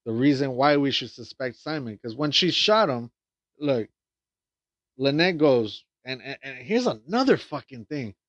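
A man talks through a film's plot in a loose, rambling way, stumbling over restarts and tossing in swear words. His voice sits at an ordinary middle pitch. The recording is dry and dull, with a lo-fi edge. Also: dry recording. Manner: rambling, full of fillers and restarts, swears often. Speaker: film reviewer. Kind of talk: casual plot recap and review.

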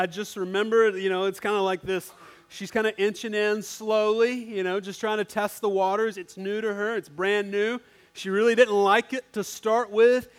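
A male pastor giving a conversational sermon, telling stories and acting out quotes. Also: high voice. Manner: storytelling, conversational, acts out quotes.

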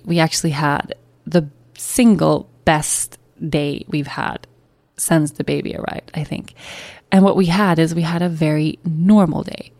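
A woman's voice: sits low, warm tone, no echo. A young woman and new mother candidly telling a personal story in a chatty, emotional way. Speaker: podcast host.

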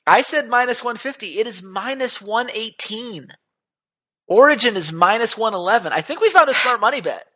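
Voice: mid-range voice, moderate pace. A podcast co-host in casual, argumentative chat about esports betting. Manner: animated, argumentative.

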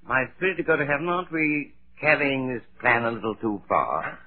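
An actor playing a harried, henpecked husband with dry, wry quips, in 1940s radio comedy style. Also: male voice, medium pitch, brisk, close to an everyday voice. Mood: exasperated. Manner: dry wry quips, mock-dying groans. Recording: tinny old radio broadcast.

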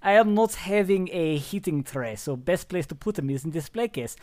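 A man's voice: high-pitched, animated, moderate pace, a little mellow, voice pushed up. Man putting on a Russian-accented deli owner. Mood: matter-of-fact. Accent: put-on Russian. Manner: broken English, mournful and theatrical. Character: gloomy immigrant deli owner, middle-aged man.

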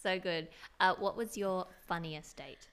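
A woman co-hosting a casual chat, playful and quick with jokes as she tells her own story. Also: fairly low pitch, fairly bright tone, clean tone.

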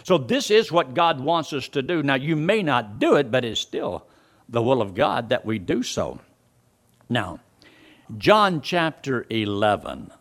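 A man with a fairly high pitch and fairly bright tone preaches a sermon, reading scripture verses aloud and explaining them to his listeners, his voice rising and dropping sharply.

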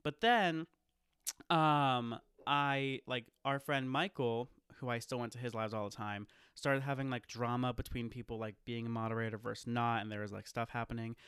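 Chatty man with a bright crisp voice. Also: mid-range voice, fairly even intonation, normal speed, dry recording, studio quality. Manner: rambling, full of "like" fillers, laughs often. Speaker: podcast host. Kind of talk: casual storytelling chat.

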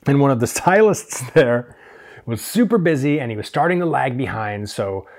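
Speaking at a normal speed, the young male host of a hairstylist podcast has a medium-pitched, expressive, slightly mellow voice. He tells a self-deprecating story in a relaxed, chatty manner, performing the quoted voices.

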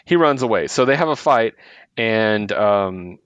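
A man's voice: lowish voice, expressive, measured pace, a bit bright, clean tone, no room sound, muffled recording. A man co-hosting a podcast, casually recapping comic books, laughing often and acting out the characters' lines. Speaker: podcast co-host. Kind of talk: casual comic book discussion.

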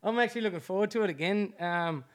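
High-voiced, laid-back Australian bloke. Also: male voice, fast talker. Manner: laid-back, matey, laughs often, many fillers. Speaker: podcast host. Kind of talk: casual interview chat.

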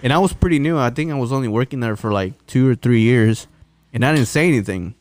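A man's voice: mid-range voice, lively intonation, fast, darkish tone. A man on a casual podcast, telling a long work story with lots of swearing and restarts. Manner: rambling storyteller, swears a lot, restarts often. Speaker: podcast co-host. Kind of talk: casual chat.

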